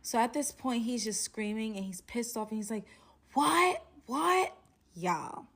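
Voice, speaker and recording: A woman's voice: on the high side, moderate pace. Chatty young woman telling a story. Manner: animated, chatty, addresses viewers as "y'all", heavy "like" fillers. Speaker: storytelling vlogger. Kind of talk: casual storytime narration.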